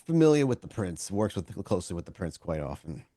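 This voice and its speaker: A man's voice: low voice, big pitch swings, fairly quick, mellow, no room sound, studio quality. A man voicing a blunt, distrustful, foul-mouthed male vampire in a tabletop game. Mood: gruff.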